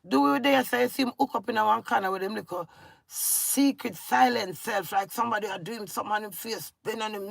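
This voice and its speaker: Gravelly Jamaican woman, scolding rant. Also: medium pitch, moderate pace, no room sound. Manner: scolding, confrontational, in patois. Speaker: vlogger. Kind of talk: emotional rant to camera.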